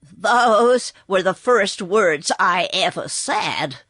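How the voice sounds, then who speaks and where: A woman voicing a gloomy, growling male cab horse in a storybook reading, slow and a little louder than her narration. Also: medium pitch, lively intonation, no echo, studio quality, heavily acted. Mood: grumbling.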